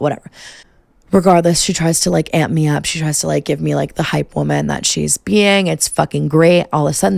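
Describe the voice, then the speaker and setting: A young woman tells a story on her podcast, swearing freely and filling her sentences with fillers. Her voice sits deep in a gravelly fry, and the recording is dry and close. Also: a little mellow, no echo. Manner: chatty, profane, filler-heavy. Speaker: podcast host. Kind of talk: casual storytime monologue.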